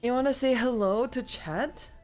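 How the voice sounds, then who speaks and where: A woman's voice: fairly high pitch, moderate pace, a little mellow, faint music behind. A woman streamer chatting casually and playfully to her viewers and cooing baby talk to her cat.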